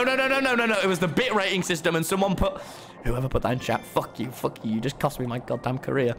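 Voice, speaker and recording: A man chatting to his chat while he plays a game, bouncing from mock outrage to dry, ironic banter. His voice leaps around, lively and expressive, and he swears freely. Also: a little high. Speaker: streamer. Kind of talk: casual gaming livestream.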